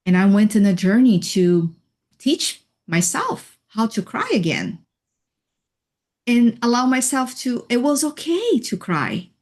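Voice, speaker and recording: A woman guest on a video call, telling her own story slowly and thoughtfully, with soft laughs and fillers. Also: on the high side, big pitch swings. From Hawaii. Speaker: interview guest, healer and life coach. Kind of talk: reflective personal storytelling.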